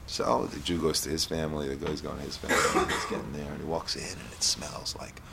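A man giving a storytelling Torah lesson, reading Hebrew lines and explaining them in English, with lively character voices. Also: rumbling low, fast talker, creaky, background noise.

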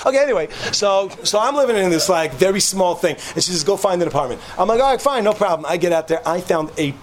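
A young man telling a joking personal story to a live audience in a room, animated, with restarts and asides. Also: fairly high pitch, fast, hardly any pauses, a little hiss or hum.

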